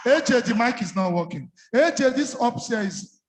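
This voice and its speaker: A high-voiced man with a Nigerian Pidgin accent jokes and laughs from the audience. He sounds far from the mic, in an echoey hall with long reverb and loud noise. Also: animated, unhurried. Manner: laughing, good-humoured.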